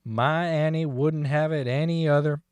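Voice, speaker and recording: A man doing a rough-talking old farmer who swears freely and drawls his words in a folksy monologue. The voice sits a touch high for a man and is recorded close and dry, with no room sound. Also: fairly even intonation, normal speed, darkish tone, dry recording, natural voice. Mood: proud, resolute. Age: older. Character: profane, folksy older male farmer, sober ex-drunk. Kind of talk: dramatic monologue reading.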